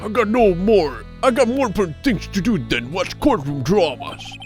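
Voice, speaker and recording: A hot-tempered male thug barks threats in rough street talk, as a streamer puts him on during a live game stream. The voice swoops up and down as he blusters, and game music plays clearly beneath. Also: mid-range voice, big pitch swings, normal speed, darkish tone, voice pushed up, lightly acted. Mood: menacing. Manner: growling, bullying, street-tough talk.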